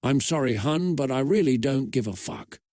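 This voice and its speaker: A man's voice: medium pitch, expressive, normal speed, darkish tone, no room sound, studio quality, close to an everyday voice. Berdine, a man voicing a mocking girl villain. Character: cruel teenage girl villain, mocking and menacing.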